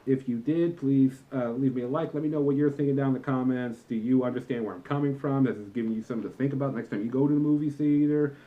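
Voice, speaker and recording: A man's voice: medium pitch, fast talker, hardly any pauses, narrow, tinny audio. A young man in a comedic vlog rant about customers, talking in an exasperated, lecturing and emphatic way. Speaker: vlogger, former movie theater employee.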